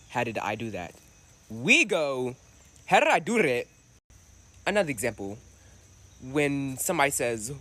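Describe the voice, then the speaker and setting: A man's voice: medium pitch, a bit bright. A man with a Southern US accent, curiously asking a casual question and acting out the pronunciations. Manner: chatty and curious, demonstrating sounds. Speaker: social media commenter.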